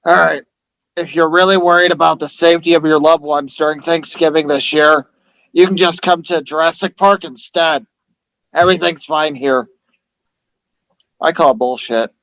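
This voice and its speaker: Man, podcast co-host, crude joke-teller, gravelly, pitched a bit high. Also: fairly even intonation, normal speed, fairly bright tone, low-quality recording. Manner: reads joke tweets, swears freely. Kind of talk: crude comedic podcast banter.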